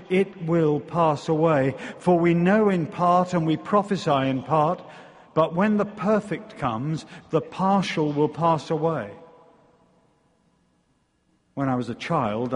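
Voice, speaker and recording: A man with an English accent preaching a sermon, wry in his asides and slow and deliberate when he reads scripture. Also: on the high side, long reverb tail. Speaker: visiting preacher. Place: church.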